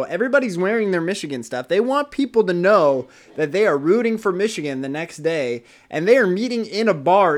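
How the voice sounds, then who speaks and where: A man co-hosting a casual podcast chat, animated and profane, laughing often as he talks. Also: sits high. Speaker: podcast co-host.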